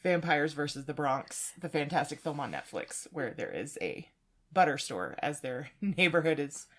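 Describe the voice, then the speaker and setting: A woman co-host with a very low voice chimes in with sarcastic quips and plenty of swearing. Her pitch still jumps around a lot when she jokes. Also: lively intonation, normal speed. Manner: wry, sarcastic, swears, lots of laughing. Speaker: podcast co-host. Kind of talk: casual chat.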